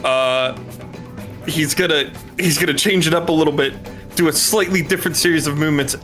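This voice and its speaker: A man playing a tabletop game, describing his turn quickly. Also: on the high side, fairly bright tone, soft background music. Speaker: player. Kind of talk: casual tabletop play.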